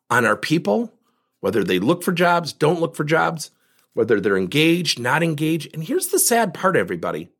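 A man's voice: fairly high pitch, a bit bright, slightly rough. A man hosting a coaching podcast, talking emphatically to his listeners and asking rhetorical questions. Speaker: leadership coach and podcast host. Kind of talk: podcast monologue.

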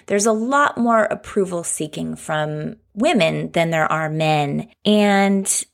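A woman's voice: sits low, slow pace, hardly any pauses. A woman hosting her own podcast, talking frankly and candidly in a conversational solo monologue. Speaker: podcast host.

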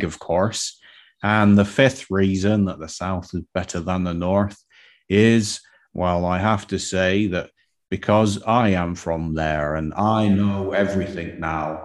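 A man playing a pompous pasty. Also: sits low. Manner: pompous, grandly self-assured. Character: Tristan the Cornish pasty, cool-headed, worldly wise, male. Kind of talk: comic improvised game show.

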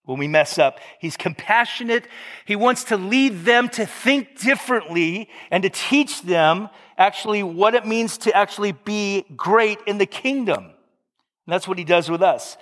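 A man's voice: high voice, animated, unhurried, a bit bright, in a large hall. A male pastor preaching a sermon in a conversational way, with joking asides and frequent self-corrections.

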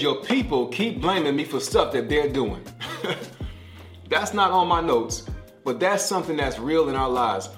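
A man's voice: medium pitch, echoey room. A middle-aged man giving a podcast devotional sermon, talking like a conversation and repeating key phrases for emphasis. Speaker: pastor.

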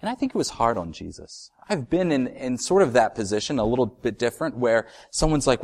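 Male pastor, mid pitch, preaching sermon, dynamic from loud to hushed. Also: very animated, fairly quick, hardly any pauses.

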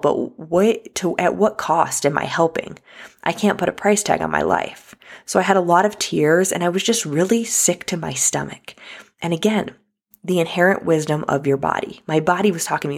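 A woman's voice: lowish voice, creaky. A woman telling a personal story to her viewers in a chatty, casual way, full of restarts. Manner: chatty, many likes and restarts, addresses viewers as guys and y'all. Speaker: vlogger.

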